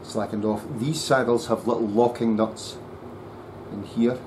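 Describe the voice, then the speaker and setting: Guy muttering through a bass setup, lowish voice, aircon humming behind. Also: fairly even intonation, a little slow, noisy background. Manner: muttering to himself while working. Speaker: luthier. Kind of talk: workshop commentary. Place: workshop.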